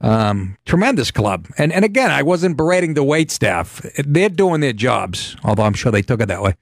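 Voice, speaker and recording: A man's voice: mid-range voice, very animated, moderate pace, dry recording, clean studio sound. A middle-aged man hosting a comedy talk show, ranting sarcastically with profanity and frequent laughs. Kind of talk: comedic radio show banter.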